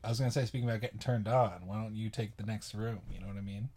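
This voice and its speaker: A man co-hosting a casual improv comedy chat, laid-back and teasing, with hesitant pauses. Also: fairly low pitch, steady tone, darkish tone, husky. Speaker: improv podcast co-host.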